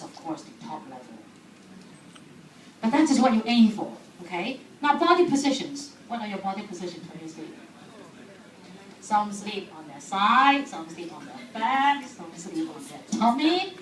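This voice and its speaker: A woman talking to a live audience, asking them questions and laughing often. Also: fairly high pitch. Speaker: speaker. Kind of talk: lively talk to an audience. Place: hall. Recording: echoey hall recorded from far off, background noise.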